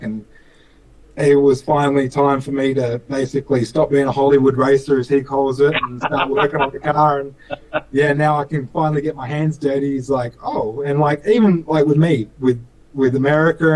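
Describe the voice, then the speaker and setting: A man's voice: medium pitch, a little mellow, poor audio. A young man with an Australian accent talks casually about racing, his voice sitting in a middle register. He rambles with fillers and restarts and slips into acted-out quotes of other people. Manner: chatty, lots of fillers and restarts, acts out dialogue. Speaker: speedcar driver. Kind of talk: casual interview chat.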